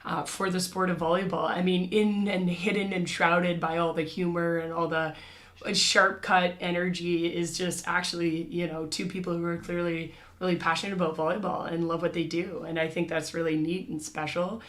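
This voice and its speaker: Measured, low-voiced academic woman. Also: level tone, a bit bright. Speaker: podcast guest, researcher. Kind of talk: casual chat.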